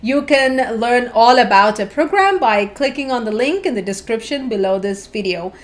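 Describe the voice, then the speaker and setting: Lady explaining phonics to parents, slightly high voice, sounds out each syllable slowly. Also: expressive. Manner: clear, careful sounding-out of syllables. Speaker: phonics teacher. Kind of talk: instructional video narration.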